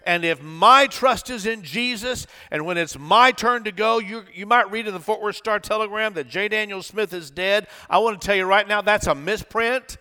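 A middle-aged male pastor preaching a sermon, dramatic, swinging from shouts to hushed tones. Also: high voice, moderate pace, few pauses, smooth, in a large hall.

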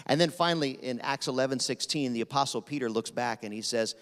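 Rapid-fire preacher in a reverberant hall. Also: male voice, mid-range voice, fairly bright tone. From Pennsylvania. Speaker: guest preacher. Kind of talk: sermon. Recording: long reverb of a large hall.

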